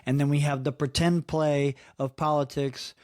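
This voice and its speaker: A man in his thirties holds forth on his own podcast in a frustrated, expletive-heavy rant, tossing in "dude" and "man" as he goes. His voice sits a little higher than most men's. The sound is dry and close, with no room echo. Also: level tone, normal speed, darkish tone. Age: 30s. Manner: profane, frustrated ranting with frequent "dude" and "man". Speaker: podcast host. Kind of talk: casual solo podcast rant.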